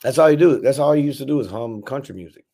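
Fast and lively in intonation, this man's mid-range voice carries vocal fry, a mellow quality and a breathy edge. He's a Memphis, Tennessee rapper on a podcast, telling long, swear-heavy stories with lots of restarts in casual conversation.

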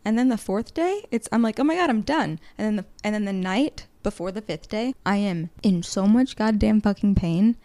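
A woman's voice: mid-range voice, moderate pace, hardly any pauses, mellow. A woman in her late twenties hosting a solo podcast, rambling candidly through a list of topics with frequent swearing and tangents. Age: late 20s. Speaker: podcast host. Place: indoors, seated on a low chair.

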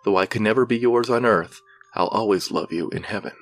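A dying young woman speaks in a weak, gasping voice, read by a male narrator. The voice stays low and quiet, with gentle, loving words. It is told as part of a spoken legend. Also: fairly quick, faint music behind, close to an everyday voice. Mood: tender.

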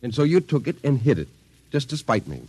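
A stern army colonel. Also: male voice, medium pitch, sing-song, a little fast, darkish tone, dry recording. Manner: firm, commanding, exasperated. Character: stern middle-aged male army colonel and father. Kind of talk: vintage radio drama acting.

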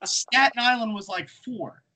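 A man's voice: high-pitched, measured pace, bright, forceful tone, a little hiss or hum, rough recording. A man hosting a casual podcast chat, joking around and leaning on lots of "like" fillers. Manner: filler-heavy, hesitant, joking. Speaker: podcast host.

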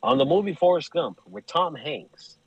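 A man's voice: on the high side, lively intonation, moderate pace, husky, dry recording, lo-fi sound. A man guesting on a podcast, telling profane, joking stories and acting out the voices of the people in them, laughing often. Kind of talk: casual joking storytelling.

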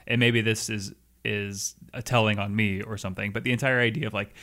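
A man's voice: on the low side, steady tone, bright, forceful tone. Laughing, chatty male podcast host. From Washington state, US. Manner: laughs often, talks in restarts and quick asides. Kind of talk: casual chat.

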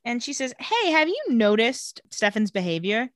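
A young adult woman co-hosting a casual chat, recapping a show and acting out characters' lines in quick little voices. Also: on the high side, very animated, no echo. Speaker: podcast co-host recapping a TV episode.

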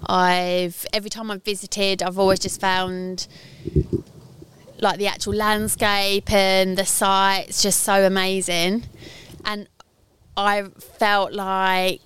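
A woman's voice: mid-range voice, level tone, slow pace, a bit bright, clear, resonant tone. Chatty woman co-hosting outdoors. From United Kingdom. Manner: chatty, laughing, trailing off with fillers. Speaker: podcast co-host. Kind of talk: casual chat. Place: outdoors in a garden.

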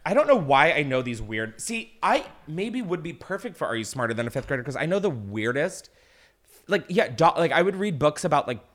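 A man hosting a podcast, tipsy on wine, telling crude, rambling stories in casual chat. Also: on the high side. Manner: crude, rambling, lively storytelling.

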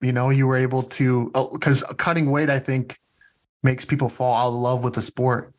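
Male interviewer, friendly, easygoing questions, middle pitch. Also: little pitch movement, normal speed, low-quality recording. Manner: friendly, laughs often. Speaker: podcast interviewer. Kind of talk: casual interview chat.

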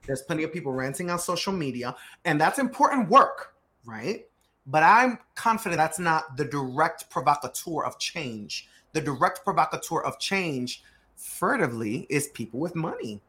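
A man speaking as a guest on a podcast, his voice sitting a little higher than most men's. He tells stories with energy, slips into voices when he quotes people, and drives points home by repeating words. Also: moderate pace. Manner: animated storyteller acting out quotes; emphatic, repeats key words. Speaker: startup growth CEO guest. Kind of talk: podcast interview conversation.

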